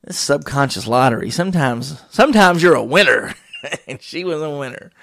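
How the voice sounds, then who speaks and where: A middle-aged man telling casual stories as a podcast host, animated and jokey, often laughing through what he says. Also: fairly high pitch, moderate pace, vocal fry, dry recording, clean studio sound. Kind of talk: casual storytelling monologue.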